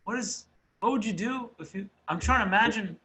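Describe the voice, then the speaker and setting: A man's voice: high-pitched, fairly quick, sharp tone. A man hosting a podcast, chatting casually, teasing and laughing a lot. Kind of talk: casual chat.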